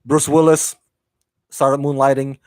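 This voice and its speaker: A man's voice: mid-range voice, level tone, a little slow, smooth, no echo. A man hosting a live entertainment news stream, chatting casually and reading out viewer comments with enthusiastic, rambling asides and many fillers.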